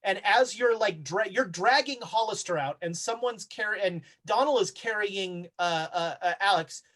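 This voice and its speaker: A game master narrating a tabletop horror game, halting often with fillers as he describes the scene. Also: high voice, a bit bright.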